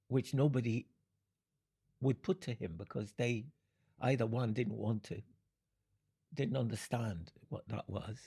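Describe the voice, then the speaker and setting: An older man from Jamaica, speaking in an interview, unhurried and fond of analogies, often breaking into laughter. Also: mid-range voice, warm tone, slightly rough. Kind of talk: reflective storytelling.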